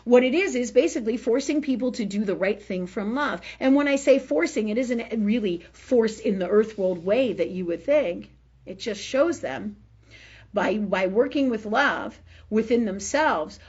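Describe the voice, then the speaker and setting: A woman's voice: a little high, breathy edge, dull audio. A woman hosting a live spiritual talk forum, speaking emphatically, swearing freely and often asking "right?". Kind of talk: unscripted spiritual talk on a livestream.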